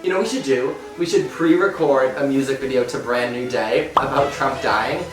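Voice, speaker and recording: A man's voice: medium pitch, normal speed, roomy sound, far from the mic, soft background music, low-quality recording. A man co-hosting a podcast in playful, theatrical casual chat. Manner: playful, theatrical, breaks into song. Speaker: podcast co-host.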